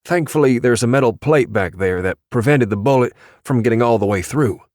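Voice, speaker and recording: A man's voice: mid-range voice, a little fast, darkish tone, dry recording, clean studio sound, close to an everyday voice. A man reading an audiobook, voicing a tactical police officer with a clipped, commanding manner. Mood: steady. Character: tough, terse male tactical police officer. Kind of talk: audiobook dialogue.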